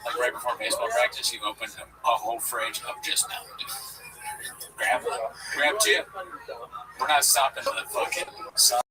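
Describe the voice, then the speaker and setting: A man's voice: medium pitch, sing-song, moderate pace, long pauses, far from the mic, over music, low-quality recording. A man in casual comedic chat, rambling, laughing and swearing. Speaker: podcast co-host.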